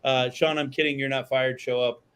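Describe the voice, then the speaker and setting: A man's voice: medium pitch, level tone, normal speed, fairly bright tone, clean tone. A man hosting a podcast in casual chat, rambling and swearing freely, with lots of fillers and restarts. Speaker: podcast host.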